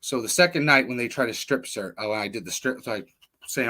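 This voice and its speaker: A man's voice: medium pitch, a little fast, bright, forceful tone. A man hosting a livestream, telling personal stories in a rambling, blunt, profane casual monologue. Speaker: livestream host.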